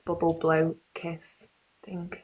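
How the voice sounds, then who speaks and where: A woman's voice: on the low side, flat delivery, slow pace. A woman in her thirties hosting a live stream, chatty and casual with some swearing. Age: 30s. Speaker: livestream host.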